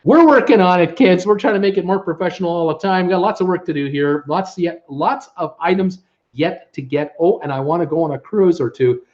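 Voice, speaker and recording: A man's voice: sits high, a little fast, darkish tone, muffled recording. A man from Ontario, Canada, hosting a casual live stream and greeting viewers in the chat, upbeat and full of fillers. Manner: chatty, upbeat, many fillers. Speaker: livestream host reading viewer chat. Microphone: webcam setup at home.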